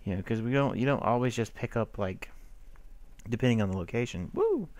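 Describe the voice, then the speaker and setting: A man's voice: on the low side, a little fast, a little mellow. Casual male gameplay commentator, chatty, addresses his in-game animals, light hiss behind. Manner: chatty, talks to his in-game sheep and mobs, hums.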